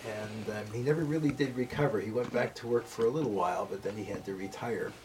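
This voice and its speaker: A man's voice: lowish voice, quick pace, a little mellow. An older man telling a fond childhood memory in a group discussion, hesitant with many fillers and restarts. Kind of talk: casual personal storytelling. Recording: distant mic, faint room noise.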